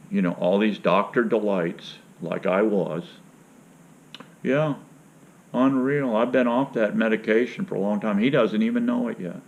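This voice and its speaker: A man's voice: on the low side, darkish tone. A rambling man from Florida tells a story in a loose, folksy way, cracking jokes as he goes. The recording sounds dull and lo-fi, as if the treble were cut off. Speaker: vlogger. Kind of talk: casual storytelling rant.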